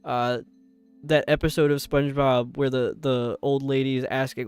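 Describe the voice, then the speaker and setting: A young man with a New York accent chatting casually with viewers while streaming, rambling and sounding out words slowly. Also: mid-range voice, flat delivery, darkish tone, clear, resonant tone, no echo. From upstate New York. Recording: dry close mic with faint game music.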